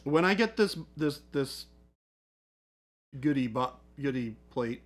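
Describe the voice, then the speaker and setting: A co-host in a casual livestream chat, laughing often. The voice moves widely in pitch and stays animated. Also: slow pace.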